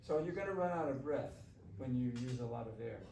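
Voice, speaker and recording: Leading a shakuhachi workshop in a classroom, this man talks fast and animatedly in a mid-range, gravelly, slightly mellow voice. He's conversational and coaxing, often putting questions to the class. The distant recording sounds roomy, with a faint hiss.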